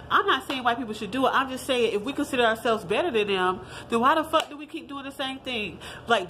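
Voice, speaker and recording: A woman's voice: sits high, a little hiss or hum. Blunt, profane woman ranting to camera. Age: 30s. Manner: blunt, profane and animated, addressing viewers as y'all. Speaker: vlogger. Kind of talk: casual opinion vlog.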